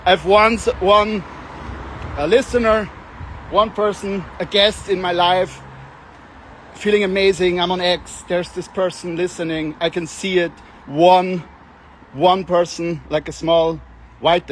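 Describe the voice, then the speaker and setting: A man's voice: high voice, fairly even intonation, takes it slowly, pauses often, a little hiss or hum. A man streaming live outdoors on a street, talking in a rambling, joking, self-mocking way.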